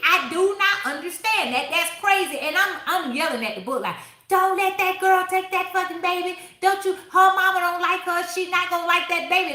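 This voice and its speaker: A woman's voice: high-pitched, sharp tone, roomy sound. A woman hosting a book club review in casual chat, talking bluntly and with plenty of profanity, and breaking off to answer viewers mid-sentence.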